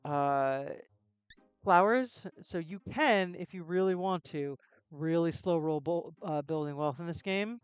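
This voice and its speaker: A woman's voice: lowish voice, measured pace, clean tone, dry recording, muffled recording, faint music behind. A woman live-streaming a game, chatting with jokes and self-deprecating asides into a close desk mic. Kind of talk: casual gameplay live stream.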